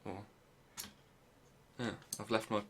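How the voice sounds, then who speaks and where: A man's voice: fairly low pitch, level tone, slow, slight background noise. Young man joking crudely on stream. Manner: crude joking, self-deprecating, muttering while working. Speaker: live streamer. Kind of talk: casual live-stream chat while building.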